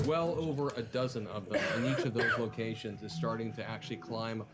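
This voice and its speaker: A man running a tabletop game on a live stream, narrating in a rambling way with lots of fillers and quick asides. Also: mid-range voice, very noisy. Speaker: game master.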